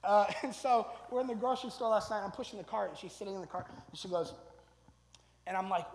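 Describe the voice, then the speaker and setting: Man, pastor, high-pitched, chatty sermon, "right?" tags, long hall reverb. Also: fast. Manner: conversational, tags lines with "right?", builds to loud emphatic stretches.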